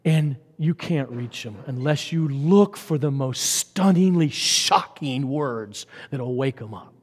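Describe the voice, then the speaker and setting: A man preaching a sermon, swinging from loud emphatic lines to hushed whispers. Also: mid-range voice, lively intonation, slow pace, breathy edge. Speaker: pastor. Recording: long hall reverb.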